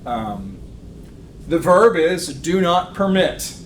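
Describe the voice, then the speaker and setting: A man's voice: fairly high pitch, big pitch swings, takes it slowly. A man teaching a church Bible lesson to a live class. He speaks conversationally, says "um" often and keeps checking in with "okay?". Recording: roomy echo, faint room noise.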